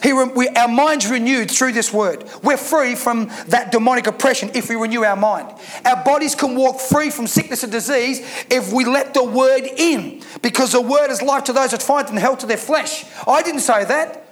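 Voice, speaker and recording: High-voiced man preaching emphatically. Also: moderate pace. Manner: emphatic preaching with rhetorical questions. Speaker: pastor. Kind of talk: sermon.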